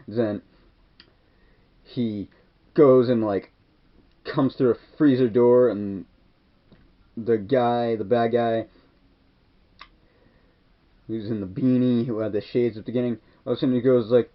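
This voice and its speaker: A man's voice: mid-range voice, fairly even intonation, measured pace, long pauses. A man casually retelling a film's scenes, rambling with constant "like" and "kinda", in a dull lo-fi recording. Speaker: movie reviewer. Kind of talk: casual movie recap.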